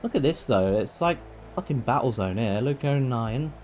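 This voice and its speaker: A man's voice: medium pitch, lively intonation, fairly quick, darkish tone, faint music behind. A man doing casual, sweary live-stream commentary on a football management game. He talks to the players on screen and goes off on rants.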